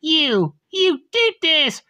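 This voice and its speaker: A woman voicing a grieving, quick-tempered teenage girl student who shouts shrilly. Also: on the high side, clear, resonant tone, dry recording, voice pushed up. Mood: shouting.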